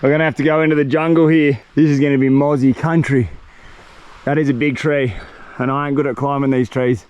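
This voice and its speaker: A young man, chatting excitedly and slangily to the camera while exploring a tropical jungle outdoors. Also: mid-range voice, a little fast, smooth, lo-fi sound. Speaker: survival vlogger. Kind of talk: solo outdoor vlog narration.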